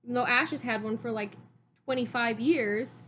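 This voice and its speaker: A woman's voice: fairly high pitch, moderate pace, a bit bright. A woman chats casually to camera, rambling and filling her sentences with "like." Her voice sits a little above average. A faint noise floor sits under her talk. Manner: rambling, heavy use of "like". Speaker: vlogger. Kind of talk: casual chat recapping a cartoon.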